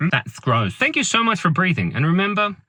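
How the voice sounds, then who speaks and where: A man's voice: high voice, bright, forceful tone, no echo. Playful, giggly man in his thirties. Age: 30s. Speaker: vlogger. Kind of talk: rambling comic vlog chat. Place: parked car. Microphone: built-in camera mic, no microphone.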